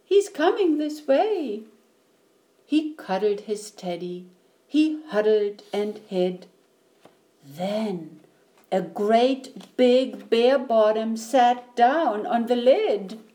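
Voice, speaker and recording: A woman reading a picture book aloud, slow and expressive. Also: mid-range voice. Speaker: storyteller.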